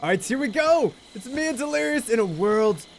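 A young man giving excitable, jokey gameplay commentary and babbling repeated exclamations. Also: extremely high pitch, brisk, gravelly, soft background music. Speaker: gaming YouTuber.

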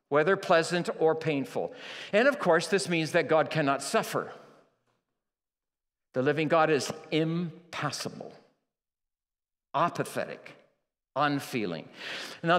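Guy preaching, fairly high voice, goes from quiet almost-whisper to full-on shouting, lots of echo from the church hall. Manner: dramatic, swinging from quiet near-whispers to shouting; slow, emphatic phrasing with repeated key words. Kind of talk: sermon. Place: church sanctuary. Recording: long reverb of a large church hall.

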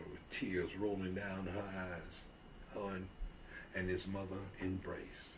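A man's voice: low voice, flat delivery, takes it slowly, far from the mic, noisy background. A man telling a Christian story in a folksy, repetitive way, lifting his voice when he quotes people. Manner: folksy, repeats himself, raises his voice when quoting characters.

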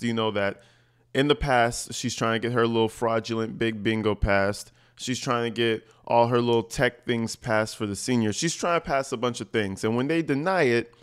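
Man, smooth clear voice, sarcastic casual commentary, crude mocking asides. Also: medium pitch, normal speed. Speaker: commentary vlogger. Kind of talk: casual commentary over clips.

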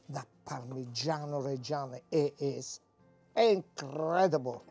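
A man's voice: a little high, animated, a little slow, gravelly, breathy edge, soft background music. A man with an Italian accent demonstrating a recipe as a chef, exuberant and exclaiming in broken English beside a wood-fired oven. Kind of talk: cooking demonstration.

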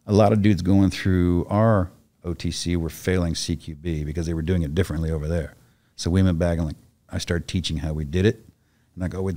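A deep, darkish-toned voice belongs to a middle-aged man, a retired soldier, who guests on a podcast. He spins a story in a blunt, swearing, offhand manner, doing the voices of the people in it.

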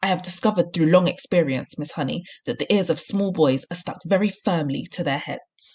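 A woman's voice: deep voice, fairly quick, darkish tone, slightly rough. A woman voicing a fierce, bullying headmistress with a harsh, scornful, commanding manner in a read-aloud storybook.

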